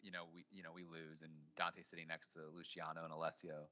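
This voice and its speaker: A man's voice: rumbling low, completely flat delivery, fast, pushed and bright, highs cut off. A man co-hosting a podcast in casual chat, telling stories and making his points with growing energy. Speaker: podcast co-host.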